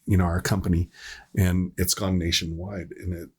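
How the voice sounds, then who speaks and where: Husky-voiced man telling a rambling story. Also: deep voice, little pitch movement, normal speed, a little mellow. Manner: rambling, self-correcting storyteller. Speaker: podcast host, EMS worker. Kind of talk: casual storytelling chat.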